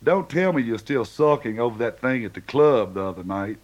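A man's voice: mid-range voice, expressive, fairly quick, lo-fi sound, lightly acted. A man voicing an easygoing, teasing friend who coaxes with a chuckle. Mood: coaxing. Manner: chuckling, coaxing.

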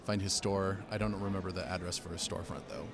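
A man's voice: low-pitched, steady tone, fast, creaky, over music. A man guest in a casual chat, easygoing and rambling with lots of fillers. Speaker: guest writer.

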